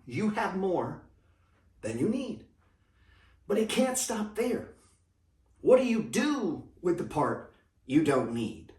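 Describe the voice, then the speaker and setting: A man's voice: high-pitched, sing-song, slow, pauses often, darkish tone, far from the mic. Motivational money guy, blunt and slangy, repeats himself, sounds roomy and off-mic. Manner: emphatic, repetitive, preachy. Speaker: money coach. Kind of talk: motivational monologue. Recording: echoey room, voice off the mic.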